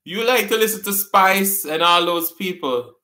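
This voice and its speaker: A man with a Jamaican accent hosting a live-stream trivia chat, repeating words slowly and laughing often with viewers. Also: sits high, bright, forceful tone, reverberant. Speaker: host.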